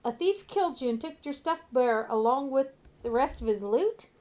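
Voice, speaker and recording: Woman reading a mock-heroic adventurer, a bit higher and louder than her own voice. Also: lively intonation, moderate pace. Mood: theatrical. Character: adventurer questioning a spirit.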